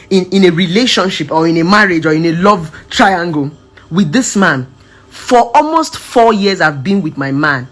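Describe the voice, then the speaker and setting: Speaking in a mid-range, slightly rough voice, a social media advice speaker tells her followers about her past relationships. It's a casual, emphatic testimony, animated throughout, as she alternates between shouts and soft voices for quoted lines.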